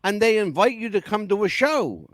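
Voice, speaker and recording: A man hosting a casual talk-radio show, telling stories with animated, crude and profane patter. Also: high-pitched, normal speed, no room sound. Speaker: radio host.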